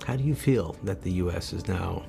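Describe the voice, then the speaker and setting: Deep gravelly male news interviewer. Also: expressive, over music. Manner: measured, deliberate questions.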